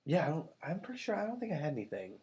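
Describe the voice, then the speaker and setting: A man's voice: a little high, wildly swooping pitch, racing, darkish tone, breathy edge. A man co-hosting a casual podcast, mostly giving short, hesitant replies. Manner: brief agreeing replies, hesitant. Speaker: podcast co-host.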